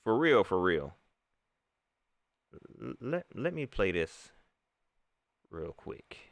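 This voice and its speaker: Animated man ranting on a live stream. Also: sits low, slow pace, creaky, no room sound. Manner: animated, ranting, talks straight to viewers. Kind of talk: live reaction stream commentary.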